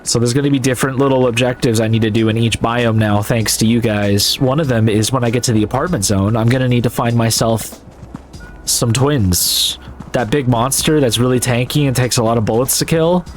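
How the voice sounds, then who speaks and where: A man talks casually over his gameplay in an ordinary mid-range voice, joking with his viewers. Now and then he breaks into loud yelps of excitement. Faint game music plays in the background. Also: mid-range voice, a little fast. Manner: upbeat and jokey, bursts into loud yelps. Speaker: gaming video host.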